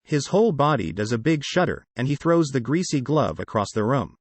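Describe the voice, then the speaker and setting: A man narrating a novel in the first person, with a flat, sardonic storytelling manner. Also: mid-range voice, fairly quick, no echo. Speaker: audiobook narrator.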